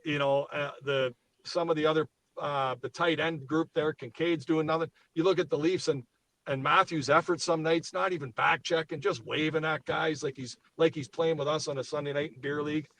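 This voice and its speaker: A man co-hosting a sports podcast in a fired-up rant. His voice sits a little high and he curses freely. He keeps pushing his point hard. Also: fairly even intonation, normal speed, fairly bright tone, rough recording. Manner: fired up, swears freely, ranting. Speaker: podcast co-host. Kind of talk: heated sports talk.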